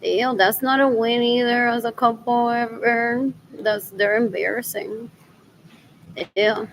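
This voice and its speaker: A woman's voice: on the high side, fairly even intonation, takes it slowly, vocal fry, a little hiss or hum, rough recording. A woman in a rambling, scornful spoken monologue who keeps asking "what else?" and switches between English and Spanish. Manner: disgusted, scornful.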